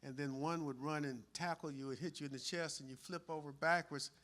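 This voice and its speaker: A man's voice: a little high, fairly even intonation, a little fast, fairly bright tone. A man on a convention panel recalling fight scenes from a film shoot, amused and laughing along the way.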